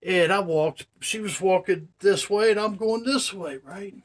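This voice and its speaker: A man's voice: sits high, a little slow. A man telling viewers a story to camera in a casual, profane, ranting way. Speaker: vlogger.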